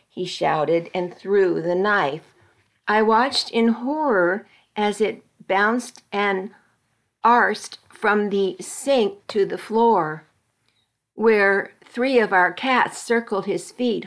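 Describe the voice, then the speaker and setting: A woman volunteer reader narrating a dramatic magazine story aloud in a measured storytelling voice. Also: mid-range voice. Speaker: volunteer reader for a reading service.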